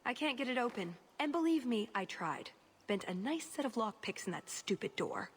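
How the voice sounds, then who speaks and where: A woman voicing a wry, sharp-tongued female rogue with a dry, sardonic delivery. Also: on the high side, lively intonation, normal speed, breathy edge.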